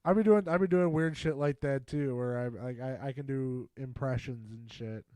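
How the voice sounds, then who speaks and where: A man's voice: medium pitch, normal speed, dark tone, no echo. A man hosting an online radio show, chatting casually with a guest and swearing freely. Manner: laid-back, swears casually. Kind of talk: casual interview chat.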